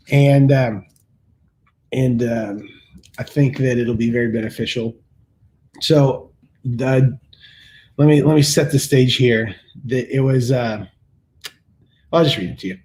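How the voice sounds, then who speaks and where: Chatty man reading scripture casually. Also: mid-range voice. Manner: chatty, restarts often, paraphrases scripture in everyday words. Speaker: host of a morning video devotional. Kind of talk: casual morning chat and Bible reading.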